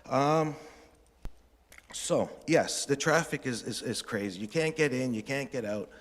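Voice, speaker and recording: A man's voice: mid-range voice, a little slow. A man addressing a town council during public comment, talking in a blunt, rambling, combative way. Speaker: resident speaking to council. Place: council chamber. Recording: long reverb of a council chamber.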